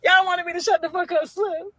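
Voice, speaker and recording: Very high-pitched, bright-voiced woman storyteller. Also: fairly even intonation, moderate pace, no echo. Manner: loud, profane, laughing often, acts out quotes. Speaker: reunion show host recounting a fight. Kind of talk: casual storytelling.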